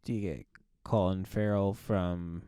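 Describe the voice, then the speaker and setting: A man co-hosts a laid-back movie review podcast. His voice is mellow and warm, and he pauses with ums and laughs easily. The sound is close and dry, with no room echo. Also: sits low, clear, resonant tone. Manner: relaxed, laughs often, hesitant with ums. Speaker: podcast co-host. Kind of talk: casual movie review chat.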